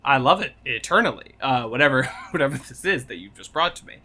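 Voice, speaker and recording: A man chatting casually on a podcast, joking and now and then jumping into goofy high voices. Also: sing-song, fairly quick, sharp tone, breathy edge. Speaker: podcast co-host. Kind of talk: casual chat.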